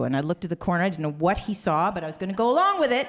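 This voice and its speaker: A woman tells a personal story on stage. Her voice sits fairly low for a woman. She is animated and emotional and acts out the other people's voices. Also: very fast.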